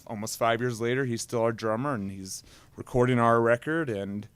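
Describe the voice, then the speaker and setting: A man, a guest musician and advice columnist, chatting in a rambling, deadpan way and laughing at his own jokes. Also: medium pitch, normal speed, clear, resonant tone, no room sound. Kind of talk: casual live talk-show chat.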